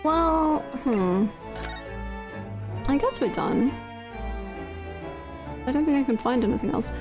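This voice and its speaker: A woman streaming a game playthrough live, giggly and excitable, swearing now and then. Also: sits high, takes it slowly. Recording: game music behind.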